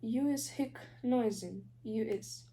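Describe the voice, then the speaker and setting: A woman's voice: on the high side, slow, warm tone. A woman with a Ukrainian accent voicing a drunk, tearful female house-elf who hiccups between words. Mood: drunk indignant.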